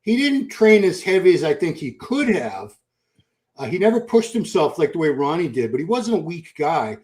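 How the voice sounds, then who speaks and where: A man hosting a podcast, telling gym stories in a relaxed, animated chat. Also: on the high side, moderate pace. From Boston. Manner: storytelling, animated. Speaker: podcast host. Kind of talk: casual chat.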